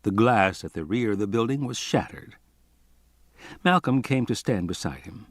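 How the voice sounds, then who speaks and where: A man reading an audiobook aloud in an expressive, lively narrating manner. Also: fairly low pitch, normal speed, no echo, clean studio sound. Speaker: audiobook reader.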